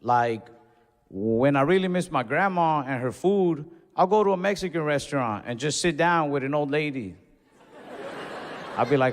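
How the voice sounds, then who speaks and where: Young male stand-up, slightly high voice, laid-back storytelling, live hall reverb. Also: expressive, normal speed, long pauses, slight background noise. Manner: casual, conversational storytelling with Spanish asides. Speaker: stand-up comedian. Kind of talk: stand-up routine. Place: comedy club stage before a laughing audience. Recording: live stage mic with long hall reverb.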